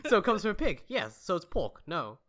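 Brief: animated podcast co-host, sharp bright tone, lively pitch, playful. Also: brisk. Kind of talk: casual book-club chat.

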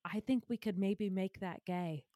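A woman's voice: mid-range voice, measured pace, dark tone, dry recording, clean studio sound. A woman co-hosting a comedy podcast, playfully evasive and bluffing in an improvised bit. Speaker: podcast co-host.

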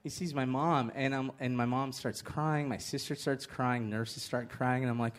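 A man telling comic stories about his family on stage in a live interview, animated and laughing through the punchlines. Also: mid-range voice, normal speed, few pauses. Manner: animated storytelling with bursts of laughter and shouted punchlines. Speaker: comedian guest. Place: comedy festival stage with live audience.

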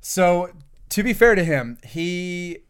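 A man's voice: mid-range voice, a little fast. A male podcast host telling stories in casual chat, acting out what people said and swearing freely. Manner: animated storyteller, acts out quotes, swears freely.

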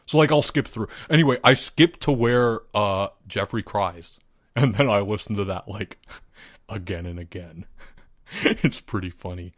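A man's voice: lowish voice, measured pace, no echo, studio quality. A man co-hosting a comedy podcast, playing the teasing, exasperated straight man. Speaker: podcast co-host. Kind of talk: casual comedic podcast banter.

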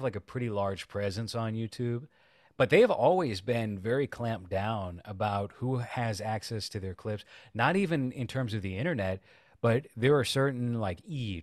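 A man's voice: fairly low pitch, dry recording, studio quality. A man co-hosting a podcast in casual chat, crude and sarcastic, rambling through long asides. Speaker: podcast co-host.

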